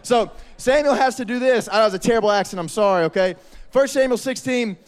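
A man preaching a lively youth sermon in a slangy, energetic way, acting out the people in the story. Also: very high-pitched, fast talker. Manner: energetic, slangy, acts out voices. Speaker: youth pastor.

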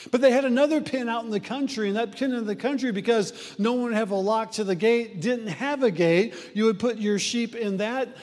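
High-voiced man preaching in a reverberant hall. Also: fairly quick, few pauses, darkish tone. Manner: conversational preaching with frequent fillers and restarts. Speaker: pastor. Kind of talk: sermon.

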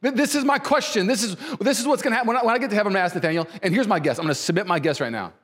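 A man preaching a sermon as pastor, conversational and animated, repeating phrases and voicing quoted people. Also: racing, long reverb tail. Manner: voices quoted people with pitch jumps.

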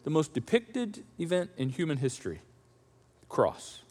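A man preaching a sermon as pastor, animated and acting out the voices of the crowd. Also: on the high side, normal speed. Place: church auditorium. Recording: reverberant church hall.

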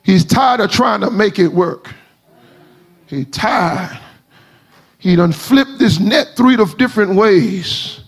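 A man preaching a sermon, shouting and half-singing his lines as they build. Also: animated, slow, long pauses, husky. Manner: shouting, half-sung preaching with rising pitch.

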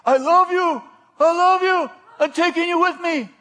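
A man voicing a frantic, obsessive man in biker leathers who shouts the same pleading words over and over. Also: very high voice, moderate pace, voice pushed up.

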